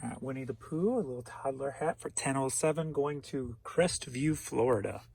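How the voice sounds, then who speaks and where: Speaking at a moderate pace in a medium-pitched voice that's gravelly, a little mellow, and slightly rough, an online reseller casually lists items he has sold and their destinations. He chuckles every so often.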